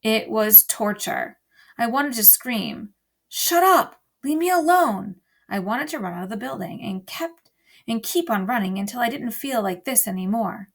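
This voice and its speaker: A woman teacher reading a novel aloud to an online class, telling it in an expressive storytelling way. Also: medium pitch, normal speed.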